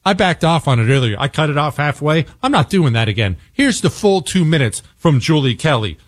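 A man's voice: a little high, lively intonation, dry recording. Guy hosting talk radio, fired up and emphatic, voice swings up and down a lot, dry close sound. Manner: emphatic, slows to hammer points. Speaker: radio talk show host. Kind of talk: opinion monologue.

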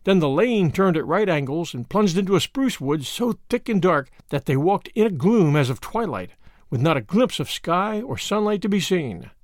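A man narrates a story in an expressive, well-paced reading. His voice sits high for a man and moves through a wide, animated range. The recording is close and dry. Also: normal speed, no room sound. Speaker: audiobook narrator. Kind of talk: scripted narration.

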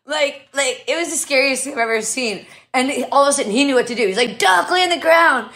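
A woman's voice: high-pitched, quick pace, a bit bright. Giggly woman guest telling a story. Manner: breathless, giggly, repeats "like" and "all of a sudden". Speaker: podcast guest. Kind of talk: casual storytelling.

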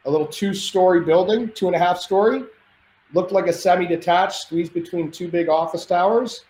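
This man's voice sits high and is a little mellow, moving at a moderate pace. As a podcast guest he tells stories in a casual, meandering way, restarting sentences often, in a roomy recording with faint noise.

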